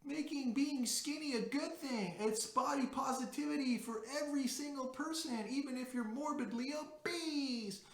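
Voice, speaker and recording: A man putting on a mocking high falsetto to play a whiny complainer. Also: normal speed, few pauses, a bit bright, reverberant. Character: shrill whiny complainer, mocked.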